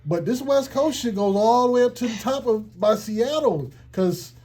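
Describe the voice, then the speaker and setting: A man interviewing a guest in casual radio talk, animated and full of slang and swearing. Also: very high-pitched, moderate pace, breathy edge.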